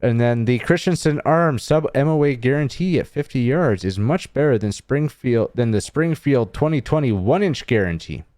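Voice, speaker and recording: A man's voice: medium pitch, expressive, normal speed, hardly any pauses, a little mellow, no echo, clean studio sound. A man hosting a casual podcast, steering the talk and reading listener comments aloud. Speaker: podcast host. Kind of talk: casual chat.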